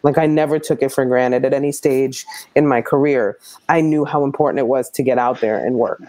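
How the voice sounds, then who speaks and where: A woman stand-up comedian chatting as a guest in an interview, telling stories in an animated, quick way. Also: rumbling low, no echo. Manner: animated storyteller, quick, laughs often. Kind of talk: casual interview chat.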